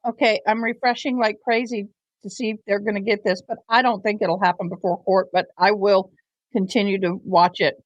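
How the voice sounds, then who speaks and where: A woman's voice: mid-range voice, fairly even intonation, a little fast, dry recording, lo-fi sound. A woman hosting a casual live commentary stream, chatty and teasing as she talks to her viewers. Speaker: livestream host.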